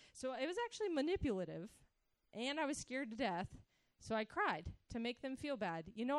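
Woman, preaching testimony, animated storytelling, smooth clear voice, dry close sound. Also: fairly high pitch, no room sound. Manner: animated storytelling, acting out her past self. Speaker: speaker giving a testimony. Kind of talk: sermon-style personal testimony.

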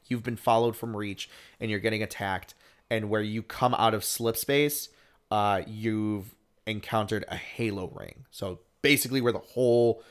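A man co-hosting a podcast, talking in a casual chat style, rambling with lots of fillers and restarts. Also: lowish voice. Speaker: podcast co-host.

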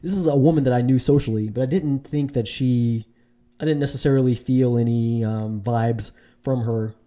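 This vlogger gives dating advice, telling a dating story to camera in a mellow voice at a moderate pace. He rambles casually, full of fillers and restarts, and mimics women in a high voice.

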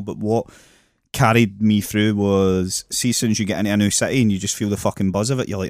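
A man co-hosting a casual podcast, excitable and sweary, full of mocking asides. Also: on the low side, fairly quick, no echo, clean studio sound. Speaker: podcast co-host. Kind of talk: casual drunk podcast chat.

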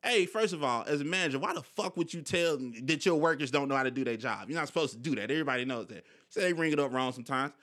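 A man's voice: mid-range voice, very fast, hardly any pauses, a bit bright. A young man hosting a podcast, telling personal stories candidly in casual slang with frequent swearing. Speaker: podcast host. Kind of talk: casual conversation.

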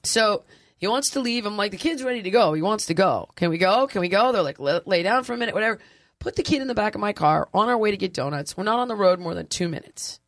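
A woman's voice: mid-range voice, fast talker, no room sound. A woman in her forties, a podcast host, telling a crude, funny family story in casual chat, laughing often. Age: 40s. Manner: animated, laughing, crude humor.

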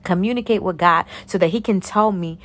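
A young woman giving a casual, preachy talk of faith encouragement to her viewers, animated and calling them honey and sugar plum. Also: lowish voice, fairly quick. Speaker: faith-based encourager and YouTuber.

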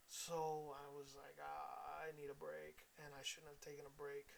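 A man's voice: on the high side, monotone, moderate pace, creaky, slight background noise. A man hosting his own solo podcast from his laptop and microphone, talking candidly and profanely and calling his listeners guys. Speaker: podcast host. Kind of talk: casual solo podcast monologue. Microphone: laptop with a bought microphone.

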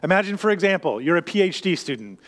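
High-voiced man preaching in a reverberant hall. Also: sing-song, fast talker, a bit bright. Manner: conversational, explanatory teaching with frequent restarts. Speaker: pastor. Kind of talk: sermon.

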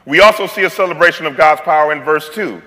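A man's voice: fairly high pitch, fast, sharp tone, long reverb tail. A male pastor preaching a sermon in a playful, conversational way, with slang and joking asides.

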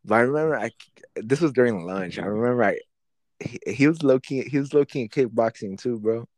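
A man's voice: mid-range voice, a little fast, darkish tone, dry recording. A young man telling a schoolyard fight story in casual, profane slang, acting out his own past lines.

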